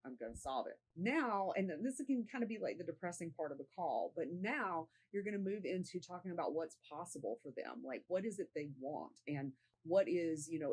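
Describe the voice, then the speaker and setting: A woman's voice: deep voice, darkish tone, low-quality recording. A woman sales coach giving a casual tutorial to camera, talking conversationally and often checking in with "right?".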